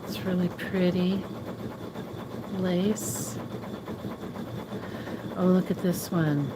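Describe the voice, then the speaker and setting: A woman's voice: fairly low pitch, fairly even intonation, extremely slow, noisy background. A woman hosting a casual live sewing demo from a sewing shop, chatting admiringly and answering viewers by name. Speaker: sewing shop livestream host.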